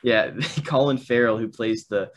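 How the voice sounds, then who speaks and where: A young man in a casual chat about a film, talking in halting stretches full of restarts and fillers. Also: medium pitch. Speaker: film discussion co-host.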